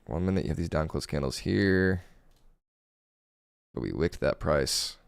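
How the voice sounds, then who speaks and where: A man with a hoarse, gravelly voice giving casual live commentary while day trading, thinking aloud over his charts. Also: a bass voice, unhurried, dry recording, studio quality. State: hoarse, voice going.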